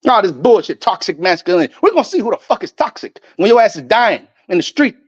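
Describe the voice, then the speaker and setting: A man's voice: high-pitched, very animated, fast talker, slightly rough, dry recording, dull audio. A man delivering an angry, profane, preachy rant to camera, quoting scripture between outbursts. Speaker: online street preacher. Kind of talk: ranting religious monologue.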